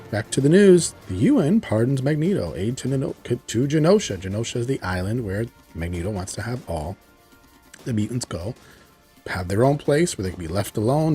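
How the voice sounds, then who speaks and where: A man excitedly recapping a TV episode in a rambling, chatty way, full of "like" and "you know". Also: mid-range voice, breathy edge. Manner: enthusiastic, rambling storytelling with frequent "like" and "you know". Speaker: TV show reviewer.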